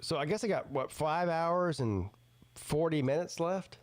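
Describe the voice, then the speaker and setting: A man's voice: on the high side, measured pace, a little hiss or hum. A man hosting a casual livestream chat, tired from staying up all night, telling rambling self-mocking stories. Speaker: livestream host.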